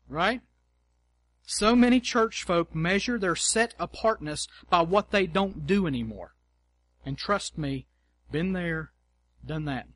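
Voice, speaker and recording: High-voiced man preaching a sermon. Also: a bit bright. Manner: conversational preaching with mock quotes and emphatic repetition. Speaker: pastor.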